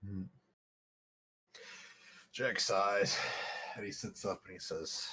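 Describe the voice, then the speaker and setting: A man's voice: sits low, takes it slowly, pauses often, bright, forceful tone, husky. A man playing a tabletop game, laid-back and a little hesitant as he speaks for his character. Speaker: player. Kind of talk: casual tabletop role-play.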